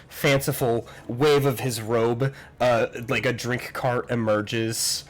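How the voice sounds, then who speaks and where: A man's voice: mid-range voice, steady tone, a little slow, few pauses. A man narrating as game master in a casual, joking way, often laughing. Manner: laughing, casual, swears a lot.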